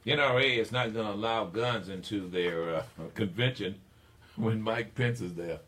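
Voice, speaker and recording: A man's voice: measured pace, slight background noise. An older man from Mississippi, hosting a talk radio show in an emphatic, preachy monologue. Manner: emphatic, preachy, swings between low asides and loud declarations.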